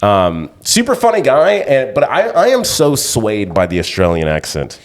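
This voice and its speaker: A man's voice: medium pitch, huge pitch swings, moderate pace, a little hiss or hum. A man co-hosting a comedy podcast, rambling through casual banter and filling it with "you know what I mean".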